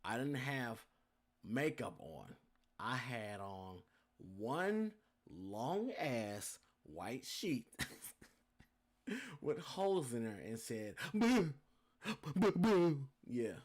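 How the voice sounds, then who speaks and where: A man's voice: mid-range voice, very slow, pauses often. A young man hosting a podcast, telling a story casually with lots of swearing and talking straight to his listeners. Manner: animated, profane, addresses listeners as y'all. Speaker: podcast host.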